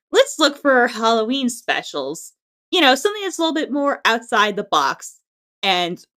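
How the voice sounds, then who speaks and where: A woman co-hosting a podcast in casual chat, animated and giggly. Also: fairly high pitch. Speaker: podcast co-host.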